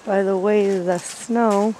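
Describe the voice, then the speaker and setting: A woman's voice: medium pitch, fairly even intonation, measured pace, dark tone, a little hiss or hum, poor audio. A woman filming a home video, plainly describing the snowy scene around her. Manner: matter-of-fact, describing the scene. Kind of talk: casual home video narration. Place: outdoors in a snowy rural area. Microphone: handheld camera.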